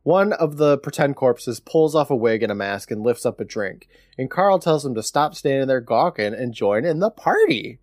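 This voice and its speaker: A man co-hosting a podcast, reading through his recap notes with a wry, deadpan edge and laughing often along the way. His pitch swings lively up and down as he retells the scenes. The sound is dry and close. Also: normal speed, no room sound. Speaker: podcast co-host recapping an episode. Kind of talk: casual chat, recapping from notes.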